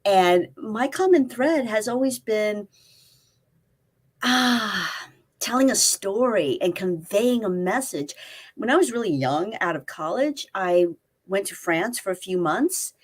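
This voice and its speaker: A life coach in her fifties, appearing as a guest, chats casually in an interview set in a spare room at a family home. Her medium-pitched voice has lively intonation, a slow pace and a breathy edge. She tells stories and acts out the quoted dialogue.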